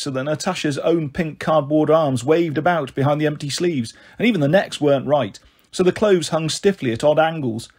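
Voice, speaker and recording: A man reads a novel aloud in a steady, measured storytelling voice. His pitch sits a touch high, and the tone is husky. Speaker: audiobook reader.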